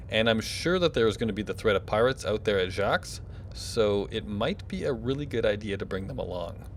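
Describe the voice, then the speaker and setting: Chatty man with a low voice. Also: slight background noise. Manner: chatty, thinking aloud with fillers. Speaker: gaming channel host. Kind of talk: casual gameplay commentary.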